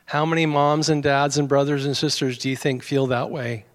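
Middle-aged american guy preaching, kinda high voice, chatty asides to the church. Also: little pitch movement, normal speed. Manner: conversational preaching with asides and chuckles. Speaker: pastor. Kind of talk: sermon.

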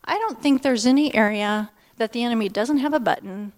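A woman in her fifties speaks to a church gathering, sharing a personal testimony. Her voice sits a little high, and she talks candidly and from the heart, in a loose conversational flow with plenty of "um"s and restarts. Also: a little fast, darkish tone. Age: 50s.

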